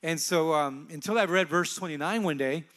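A man in his thirties, a pastor, sharing a personal testimony on a church stage in an earnest, soft-spoken, halting way. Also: fairly high pitch.

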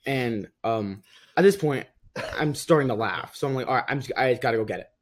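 A young man casually telling a long school story, animated and quick to laugh, mimicking the people in it with a raised voice. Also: medium pitch, a little hiss or hum. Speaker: podcast guest. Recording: rough audio.

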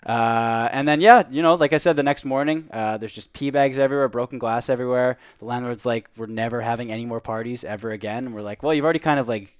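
A man's voice: medium pitch, fast, few pauses, clear, resonant tone, dry recording, clean studio sound. A young man in his twenties, a podcast co-host, telling a long anecdote in casual chat, with lots of "like" and "uh".

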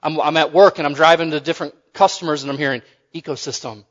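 A man with a slightly higher voice preaches in a relaxed, joking way, often restarting his phrases. His voice carries a long reverb from a large hall, and the sound is somewhat dull. This is a casual sermon delivery. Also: quick pace.

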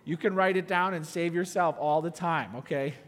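High-voiced pastor preaching in a reverberant hall. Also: male voice, normal speed. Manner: rhetorical questions, emphatic and lively. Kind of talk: sermon. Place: church sanctuary. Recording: long church reverb.

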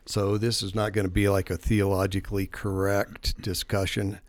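A man with a fairly low voice hosts a relaxed podcast chat about faith. He tells long, self-deprecating stories, full of fillers and restarts. His voice is close and dry, with no room sound. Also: moderate pace, dry recording. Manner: rambling, self-deprecating storyteller. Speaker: podcast host. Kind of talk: casual faith-based podcast conversation.

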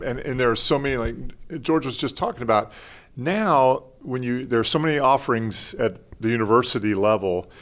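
A man's voice: medium pitch, lively intonation, brisk. A man co-hosting a podcast, asking a rambling, chatty question. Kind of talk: casual interview.

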